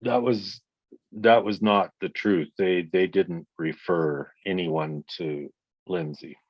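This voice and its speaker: A man in his sixties speaks bluntly and forcefully in an interview and curses freely. His voice sits a little low. The recording is dry and slightly dull. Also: steady tone, slow pace, no echo. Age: 60s. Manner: blunt, profane, emphatic storytelling. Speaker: guest, victim's father. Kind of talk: interview conversation.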